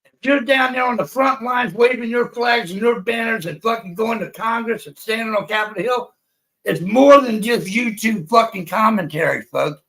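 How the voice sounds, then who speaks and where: A man's voice: sits high, moderate pace, fairly bright tone, low-quality recording. A man, ranting angrily on a livestream and swearing constantly. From United States. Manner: profane and heated, swears constantly. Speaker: livestream panelist. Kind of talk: angry livestream rant.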